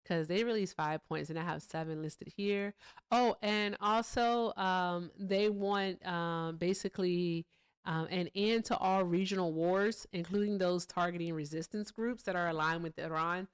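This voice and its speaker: A woman's voice: fairly low pitch, measured pace, clean tone. A woman hosting a casual political commentary livestream, talking bluntly with profanity and breaking off to chat with her viewers. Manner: blunt, profane, chats with viewers between points. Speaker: livestream host.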